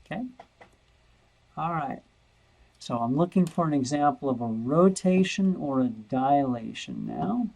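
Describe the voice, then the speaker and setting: Slow, gravelly-voiced male math teacher. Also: on the high side, animated, darkish tone, rough recording. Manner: slow, thinking aloud, repeats words while searching. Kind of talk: screen-recorded lesson walkthrough.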